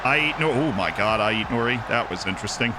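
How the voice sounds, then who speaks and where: Excitable young man commentating his game. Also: medium pitch, fast talker, over a noisy crowd, very noisy. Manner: excitable, swings from mumbled asides to shouting at goals. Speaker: streamer. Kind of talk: live gameplay commentary.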